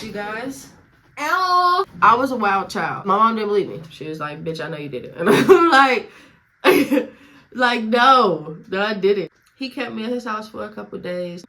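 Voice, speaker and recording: A young woman with a fairly low voice tells a personal story in a loose, slangy way. She swears freely and drops into quoted voices. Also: a bit bright. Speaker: vlogger. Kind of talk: casual storytime.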